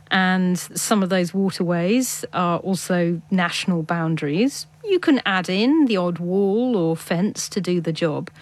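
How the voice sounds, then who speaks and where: A woman hosting a radio science show, moving briskly between guests and topics. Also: lowish voice. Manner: brisk, conversational linking. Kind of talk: radio presenting.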